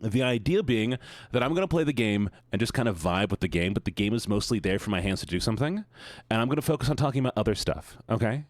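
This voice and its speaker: A man's voice: fairly low pitch, lively intonation, quick pace, dry recording. A man streaming, greeting his viewers in a playful, sing-song, teasing way. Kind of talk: casual chat greeting viewers.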